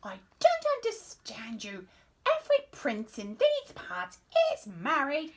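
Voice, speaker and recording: A woman voicing a grumpy, bossy old queen who scolds loudly in a high, shrill voice. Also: huge pitch swings, takes it slowly, creaky, slight background noise, exaggerated voice. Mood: nagging.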